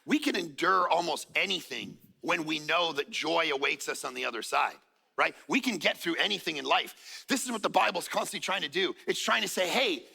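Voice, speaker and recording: Man, pastor, animated sermon storytelling, acted-out quotes, bright forceful tone, church hall reverb. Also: high-pitched, moderate pace, creaky, husky. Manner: animated, acts out quotes, jokes. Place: church auditorium.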